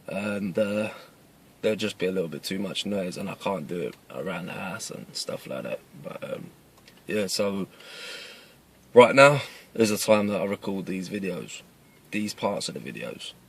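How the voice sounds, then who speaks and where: A man's voice: low voice, expressive, moderate pace, vocal fry, slightly rough. East london guy in his 30s, cockney accent, earnest, keeps repeating himself, sitting in his car. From East London, England. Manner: earnest, plain-spoken, repeats himself with restarts. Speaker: self-defence video maker. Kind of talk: casual talk to camera. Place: inside a parked car.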